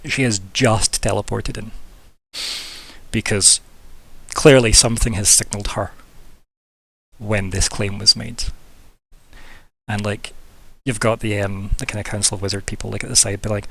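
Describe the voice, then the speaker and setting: A man's voice: lowish voice, normal speed, pauses often, fairly bright tone. A man, narrating a tabletop fantasy game as game master, in a casual, rambling way with many fillers.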